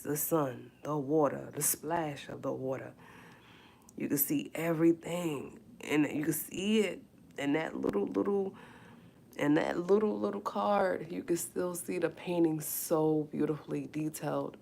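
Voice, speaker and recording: Low-voiced woman chatting emphatically. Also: gravelly. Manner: repetitive, emphatic, emotional; drawn-out repeated phrases. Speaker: YouTuber and painter. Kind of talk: casual livestream chat.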